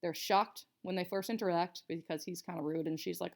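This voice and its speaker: A woman's voice: lowish voice, fairly even intonation, normal speed, vocal fry, a little mellow. A young woman teacher explaining a writing assignment to students in a casual, chatty way, with many fillers. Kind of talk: casual recorded writing lesson.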